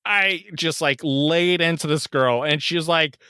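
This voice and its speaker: A man in his thirties co-hosting a podcast, telling a story in casual chat, animated and swearing often, jumping into loud, high voices when he quotes people. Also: measured pace, smooth, no echo, clean studio sound. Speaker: podcast co-host.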